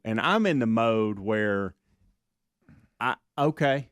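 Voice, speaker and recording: Animated man telling a story. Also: on the low side, slow, smooth, dry recording, clean studio sound. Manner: rambling, animated storyteller with restarts. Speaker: radio show co-host. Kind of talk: casual storytelling on a radio talk show.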